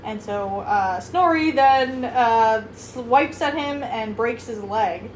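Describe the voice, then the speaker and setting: A woman's voice: a little high, slow, echoey room, slight background noise, rough recording. A young woman co-hosting a book club, chatting casually, agreeing often and swearing freely while retelling scenes. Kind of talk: casual chat.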